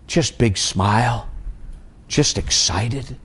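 A middle-aged man preaching a sermon as an evangelist, telling a personal story with wide swings in pitch and loudness. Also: slow pace, breathy edge.

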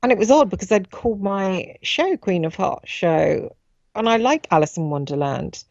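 A woman guest on a radio show, recounting a personal experience in a halting way as she searches for words. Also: medium pitch, animated, vocal fry, darkish tone, no room sound, muffled recording.

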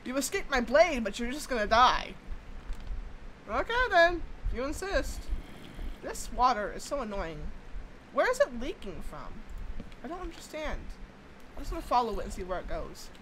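Young woman doing let's play commentary, high bright voice jumping all over, chatty and swears when the game annoys her. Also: very animated, normal speed, long pauses, slight background noise, low-quality recording. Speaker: gaming YouTuber.

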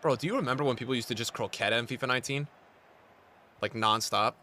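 A man's voice: medium pitch, fast talker, pushed and bright, a little hiss or hum. A young man streaming live gameplay and talking to his chat, frustrated and trash-talking as he plays.

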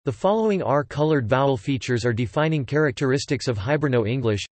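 A man's voice: medium pitch, fairly quick, no echo. Synthetic male voice reading an article. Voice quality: flat, machine-like delivery with odd pronunciations. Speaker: text-to-speech reader.

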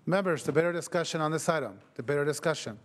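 A male presiding officer runs the floor in brisk, formal language. His voice sits slightly high. Long reverb fills the chamber. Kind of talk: procedural chairing. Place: legislative chamber.

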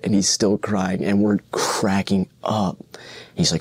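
A young man with a very low voice tells a loose, rambling story full of "like". His voice is recorded dry and close. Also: little pitch movement, a little slow, breathy edge, no room sound. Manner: rambling, filler-heavy storytelling. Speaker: student storyteller. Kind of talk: casual anecdote.

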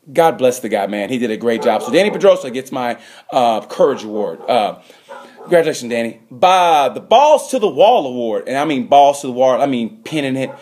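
A man giving a rambling comedic awards monologue, excitable and prone to sudden loud bursts. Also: mid-range voice. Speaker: host.

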